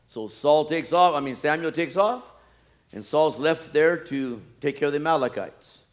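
A male pastor delivering a sermon in a somewhat high voice. He preaches with animation, rising to loud pleading and dropping to low, quiet asides. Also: animated, normal speed.

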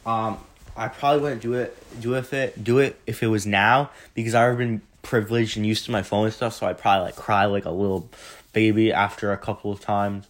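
A man's voice: fairly low pitch, fairly even intonation, a little fast. A young man in his late teens answering questions in a casual vlog, rambling and correcting himself, recorded on a phone. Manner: rambling, self-correcting, chatty.

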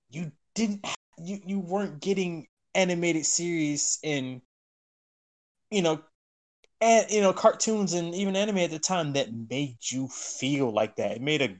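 A man guest on a podcast, chatting casually, getting excited and emotional and laughing often. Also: a little high, a little slow.

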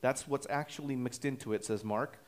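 Frequent "uh" pauses and restarts mark this male pastor's expository sermon. He speaks in a mid-range voice, explaining the material in a measured, teacherly way.

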